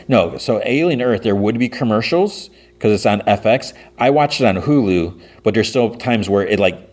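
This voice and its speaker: Low-voiced male podcast host, rambling casual recap, lots of filler.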